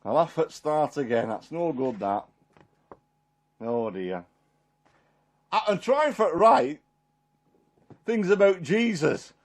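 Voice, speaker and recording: A man plays Peter, a homely, warm-hearted fisherman, telling his story in a rambling, chuckling way. The voice sits a little high for a man and stays unpolished and everyday. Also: animated, slow, pauses often, heavily acted. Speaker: performer in a one-man Bible drama. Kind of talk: dramatic character monologue.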